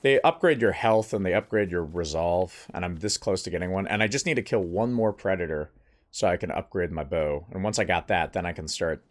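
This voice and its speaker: A man's voice: low-pitched, fairly quick. A man giving casual, playful commentary while playing a video game, joking and talking to the characters. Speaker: let's play gamer.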